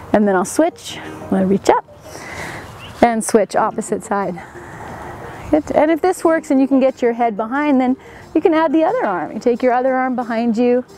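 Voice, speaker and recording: A woman yoga instructor leads a session in a gentle, encouraging way, with a slightly high voice. Soft music plays faintly behind her.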